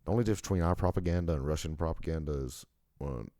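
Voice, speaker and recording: A man's voice: very deep voice, very fast, mellow, no room sound, clean studio sound. A young American man hosting a podcast alone, rambling and ranting with heavy profanity. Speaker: podcast host. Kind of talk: casual solo monologue.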